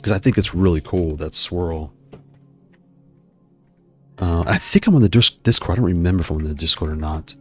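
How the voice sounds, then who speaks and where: Low-voiced rambling man on a live stream. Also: normal speed, pauses often, pushed and bright, faint music behind. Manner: rambling, self-interrupting, digressive. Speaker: YouTube host reading live chat.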